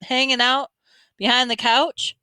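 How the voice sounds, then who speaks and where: Woman doing a bossy slangy teen brother, bright and crisp, dry close sound. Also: high voice, level tone, a little slow, dry recording, pitched above the performer's own voice. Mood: scolding. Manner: slangy, scolding, street talk. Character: tough teenage boy, older brother, blunt and bossy.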